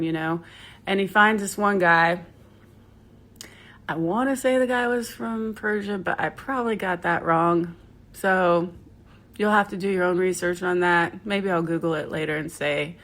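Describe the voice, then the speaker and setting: A woman's voice: lowish voice, a bit bright. A woman telling a story in a casual, rambling way, with asides to the listener. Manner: chatty, rambling, with many fillers and asides. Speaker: yoga teacher.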